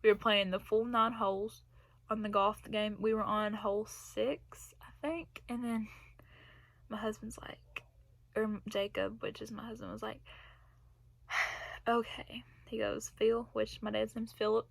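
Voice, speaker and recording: A woman's voice: medium pitch, steady tone, measured pace, vocal fry, a bit bright, no room sound. A young woman telling a personal story in a casual vlog, rambling and laughing between phrases. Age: young adult. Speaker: vlogger.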